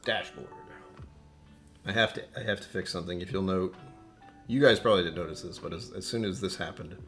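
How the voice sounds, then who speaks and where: Male livestream host, very deep voice, casual rambling delivery, faint music behind. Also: brisk. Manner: rambling, distractible, self-interrupting. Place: home.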